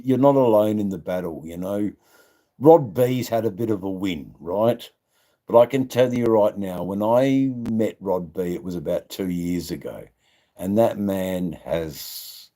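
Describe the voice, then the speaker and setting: An Australian livestream host with a fairly low, warm voice chats casually on his own stream. His talk is rambling, crude and jokey, packed with ums and laughter.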